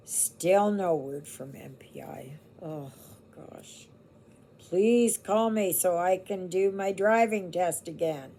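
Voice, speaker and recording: A woman from Canada, a home vlogger, chats to her viewers in a slow, rambling way. Her voice sits low and mellow with a gravelly edge. Faint household noise hangs in the background. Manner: rambling, chatty, laughs easily. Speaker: cross-stitch vlogger. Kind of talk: casual chat to viewers.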